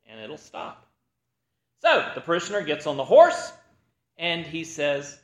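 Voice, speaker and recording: A man preaching a sermon, opening with a joke and acting out its characters in an animated storytelling manner. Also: a little high, a little slow, pauses often, roomy sound.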